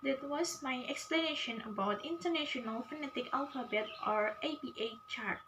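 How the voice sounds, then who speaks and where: A young woman with an Indonesian accent, a student reading a pronunciation assignment slowly and carefully, repeating each example sound. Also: sits high, background noise. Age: young adult. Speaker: student presenter.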